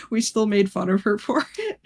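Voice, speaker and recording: A woman's voice: mid-range voice, sing-song, a little slow, a little mellow. A woman teacher chatting casually on a game stream, telling a rambling story, swearing freely and laughing often. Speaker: art teacher and tabletop game player.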